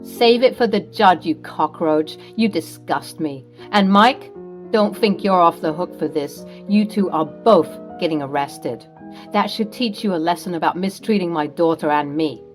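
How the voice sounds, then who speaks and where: A woman's voice: lowish voice, unhurried, faint music behind, voice pushed down, lightly acted. A woman voicing a fierce, protective middle-aged mother who speaks in a stern, accusing way. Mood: scornful.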